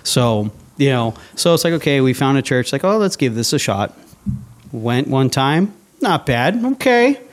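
Speaking at a normal speed, a man with a medium-pitched voice and lively intonation appears as a guest in an interview. He casually recounts a personal story, performing what he was thinking at the time.

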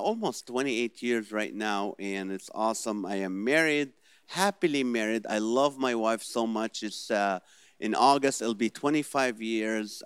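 A man's voice: mid-range voice, clean tone, dry recording, studio quality. Middle Eastern-accented man doing stand-up. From Middle East. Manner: animated storytelling, acts out dialogue. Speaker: comedian. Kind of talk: stand-up comedy set.

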